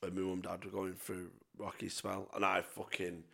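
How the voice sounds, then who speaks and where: A man's voice: deep voice, completely flat delivery, moderate pace, vocal fry, fairly bright tone. A young man telling sweary, rambling stories in casual chat as a podcast co-host. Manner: sweary, rambling anecdotes with self-mocking laughs.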